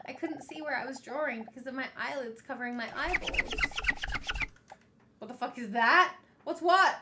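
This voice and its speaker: A woman's voice: high voice, sharp tone. A woman streamer playing a visual novel, reading the game text aloud and chatting playfully with her viewers. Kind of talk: let's play with read-aloud narration.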